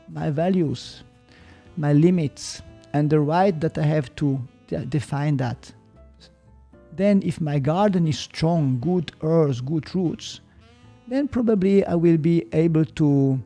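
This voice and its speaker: Swiss German-accented male guest, slightly high voice, unhurried and explanatory. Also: vocal fry. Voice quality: searches for words, mixes in German. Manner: calm, explanatory, hesitant. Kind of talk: reflective podcast conversation.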